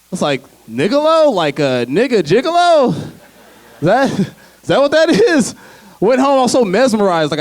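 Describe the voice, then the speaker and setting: A man's voice: mid-range voice, darkish tone, no echo. Stand-up comic man, dry close sound. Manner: loose, conversational delivery with frequent laughs and asides to the crowd. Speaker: stand-up comedian. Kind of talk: stand-up comedy set. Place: theater stage before a live audience.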